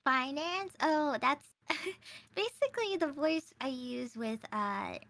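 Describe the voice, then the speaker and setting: A woman's voice: sits high, expressive, takes it slowly, gravelly, fairly bright tone. A woman streamer chatting casually as a guest, giggling often and filling her sentences with "like". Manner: giggly, lots of filler likes. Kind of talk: casual chat.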